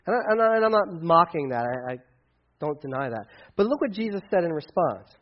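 Male pastor, slightly high voice, casual sermon, animated dialogue, lo-fi. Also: fairly quick. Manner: conversational, acts out dialogue with big swings in pitch and loudness.

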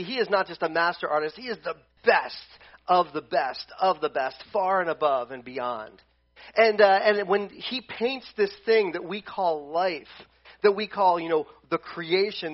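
A male pastor preaching a conversational sermon at a church service, animated and full of restarts. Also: sits high, dull audio.

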